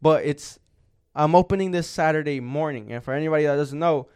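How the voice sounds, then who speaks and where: A man's voice: a little high, a little fast, a little mellow, clear, resonant tone. A young man co-hosting a podcast, telling a long story in casual chat, rambling and swearing with lots of filler words. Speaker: podcast co-host.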